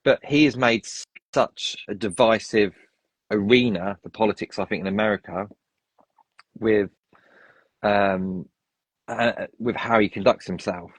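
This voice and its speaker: A man with a low, husky voice talks through his opinions in a rambling, restart-filled way. The sound is dry and close, with no room around it. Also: unhurried, long pauses, dry recording, low-quality recording. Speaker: podcast guest. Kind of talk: casual chat.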